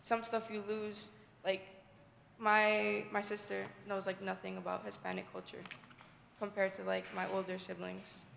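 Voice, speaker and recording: Brief: woman with a strongly gravelly, flat voice, rambling and casual, heard in a roomy hall with faint noise. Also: mid-range voice, moderate pace. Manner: rambling, leans on "like". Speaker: book club participant. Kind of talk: casual group discussion. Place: indoor event hall.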